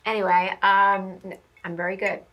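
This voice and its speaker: A woman hosting a casual office chat show, playful and teasing with quick comebacks. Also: medium pitch, level tone, muffled recording. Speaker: host.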